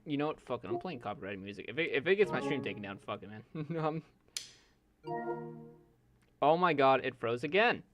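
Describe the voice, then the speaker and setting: A man's voice: mid-range voice, very animated, fairly quick, long pauses, music in the background. A young man streaming live, ranting in an exasperated, joking way and swearing heavily while his setup fails. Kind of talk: casual live-stream rant.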